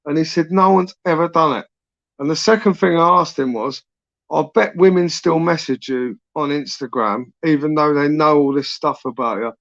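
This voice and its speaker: A man's voice: a little high, moderate pace, creaky, a bit bright, no echo, highs cut off. A man, hosting his channel in a casual live chat, rambling and swearing with lots of tag questions. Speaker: YouTube channel host.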